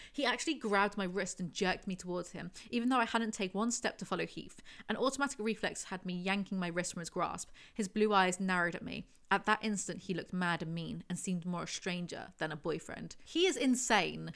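A woman's voice: mid-range voice, a bit bright. A woman reads passages from a novel aloud and breaks off into sarcastic, exaggerated asides as a book reviewer. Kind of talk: reading aloud and commenting on a novel.

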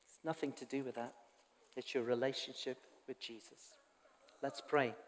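In a church hall full of long reverb, a pastor gives his congregation a sermon that is sincere and chatty, with remarks tossed to the people nearby. His voice sits in the mid range, steady in tone and normal in speed.

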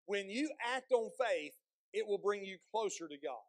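A male pastor preaching a sermon, asking the congregation questions and slowing down to read scripture aloud with emphasis. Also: high-pitched, lively intonation, dry recording. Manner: slows and stresses when reading scripture aloud; repeats words and restarts phrases, asks the congregation questions.

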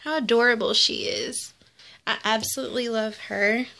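A woman's voice: a little high, steady tone, normal speed, gravelly, bright, forceful tone. A young woman, cooing and gushing over an unboxing in casual commentary. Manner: gushing and cooing, repeats exclamations. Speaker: vlogger unboxing a doll.

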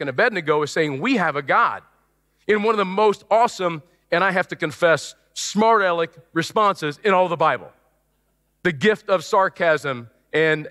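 A male pastor preaching a sermon in an animated way, acting out the voices he quotes, in a church auditorium. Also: high-pitched. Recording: long church hall reverb.

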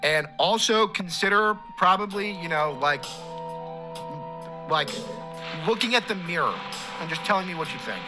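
A young man streaming a game live, talking in a loud, profane, easily enraged way. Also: high-pitched, animated, moderate pace, pauses often, music in the background.

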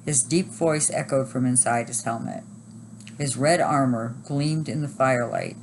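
A woman teacher reading a chapter book aloud at a steady, even pace. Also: extremely low pitch, a little slow, gravelly, slight background noise, rough recording.

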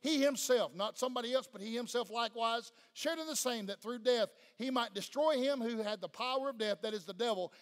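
With long church-hall reverb around him, a Southern-accented pastor from Tennessee delivers a fervent sermon in the sanctuary, pushing questions at the congregation. His very high-pitched voice moves fairly quickly with few pauses.

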